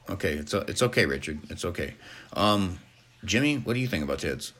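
This man hosts a crude comedy podcast, speaking in a low, expressive, somewhat bright voice at a brisk clip. He's offhand and profane, peppering his talk with hesitant fillers.

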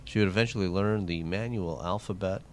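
A man's voice: deep voice, brisk, slight background noise. A man hosting a trivia segment on a radio show, reading history questions in casual banter. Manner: reads history questions, lively intonation. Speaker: trivia host.

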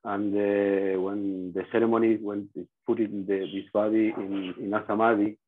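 A man reporting hesitantly on a video call, with many fillers and pauses. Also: on the low side, flat delivery. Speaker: devotee reporting from a pilgrimage town. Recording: tinny phone-like call.

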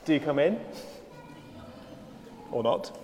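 A man's voice: on the high side, animated, slow pace, a little mellow, highs cut off, a little hiss or hum. Man preaching in a reverberant hall. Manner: storytelling with dry humour and rising emphasis. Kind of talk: sermon. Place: church service. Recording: long reverb of a church hall.

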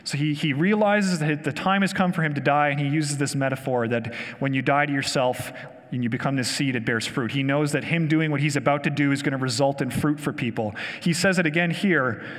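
A man preaching a conversational sermon, enthusiastic and asking his listeners questions. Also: on the high side. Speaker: pastor. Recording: long hall reverb.

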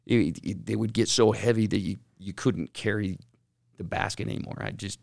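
A man with a gravelly, somewhat low voice, chatting on a podcast in a rambling, excitable way. The sound is close and dry, with no room around him. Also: moderate pace, dry recording. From Utah, Salt Lake Valley. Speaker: podcast co-host. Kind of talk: casual podcast chat.

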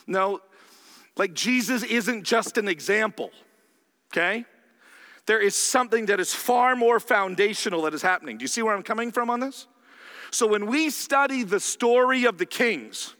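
A man with a high, bright voice delivers a conversational sermon, often stopping to ask his listeners whether they follow. His words ring out with the long reverb of a large hall. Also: lively intonation, normal speed. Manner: conversational, checks in with rhetorical questions. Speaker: pastor.

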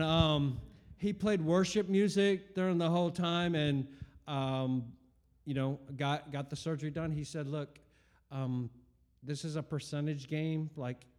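A man's voice: mid-range voice, a little mellow. A man in his forties telling a personal faith testimony in an earnest, rambling way, with many fillers and restarts. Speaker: speaker giving a personal testimony.

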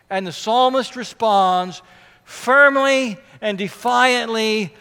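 A man preaching a sermon, earnest, swelling louder and then dropping soft for emphasis. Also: sits high, expressive, slow, smooth. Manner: earnest preaching, rising and falling in volume for emphasis. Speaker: pastor. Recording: hall reverb.

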